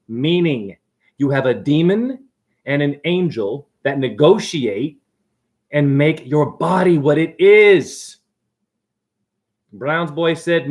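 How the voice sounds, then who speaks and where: A man rambling excitedly and preachily through a livestream monologue from his apartment, jumping from idea to idea. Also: on the high side. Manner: excitable, preachy, jumps between ideas. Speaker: self-styled spiritual teacher.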